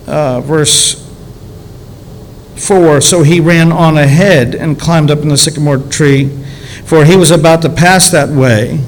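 A man's voice: on the high side, slight background noise, low-quality recording. A man preaching a conversational sermon as a pastor, asking rhetorical questions and drawing out key words.

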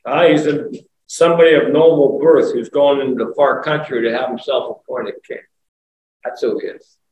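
A man's voice: medium pitch, fairly even intonation, normal speed, darkish tone, lo-fi sound, slight background noise. A man preaching a conversational sermon, asking rhetorical questions and rising to emphatic exclamations. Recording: echoey room, voice from far off, faint ambience.

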